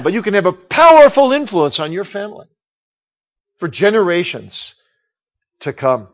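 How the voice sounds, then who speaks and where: Middle-aged male pastor, high voice, emphatic sermon delivery, dull lo-fi recording. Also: big pitch swings. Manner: emphatic preaching, slowing down for scripture quotes.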